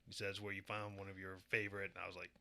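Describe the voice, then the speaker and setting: A man's voice: deep voice, little pitch movement, rapid-fire, creaky, a crowd in the background. A man co-hosting a casual podcast, explaining a topic in a dry way with crude asides. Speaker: podcast co-host presenting a conspiracy segment.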